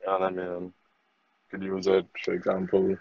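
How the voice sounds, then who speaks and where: A young man on a friends' podcast, rambling and circling his point. His voice is lowish. The sound is dry and slightly dull. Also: monotone, normal speed, gravelly, no room sound. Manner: rambling, full of fillers and restarts. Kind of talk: casual chat.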